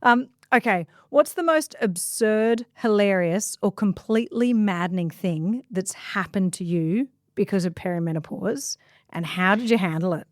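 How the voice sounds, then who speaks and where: A woman's voice: medium pitch, normal speed, dry recording, studio quality. A woman in her forties hosting a podcast, asking questions in an upbeat, enthusiastic way. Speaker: podcast host. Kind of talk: podcast interview.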